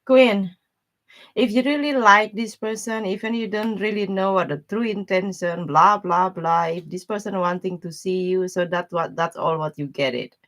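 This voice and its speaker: A woman's voice: medium pitch, fairly even intonation, moderate pace, fairly bright tone. A woman giving a casual live-stream tarot reading, talking bluntly in loose, broken grammar and laughing often. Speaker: tarot reader.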